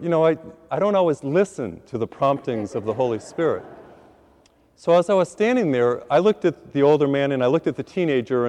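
Priest telling a story in a reverberant hall. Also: male voice, mid-range voice. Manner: animated, self-deprecating storyteller acting out his own lines. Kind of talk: storytelling sermon.

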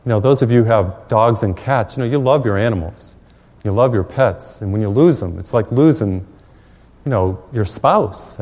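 Middle-aged male priest, warm relaxed tone, easygoing pastoral delivery, reverberant space. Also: lowish voice. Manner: gentle, conversational, with frequent fillers and light chuckles. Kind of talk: pastoral talk to viewers.

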